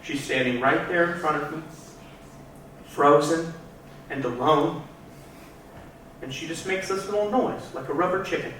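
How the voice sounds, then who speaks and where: A man's voice: on the high side, a little slow, long pauses, a bit bright, slight background noise. A man doing stand-up comedy on a club stage, telling a story in a theatrical, punchy way and talking straight to the crowd. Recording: echoey club room, mic at a distance.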